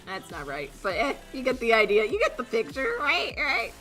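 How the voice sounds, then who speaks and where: A woman's voice: a little high, huge pitch swings, moderate pace, music in the background. A young woman chatting casually on a livestream, giggly and rambling with lots of fillers. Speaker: streamer and artist.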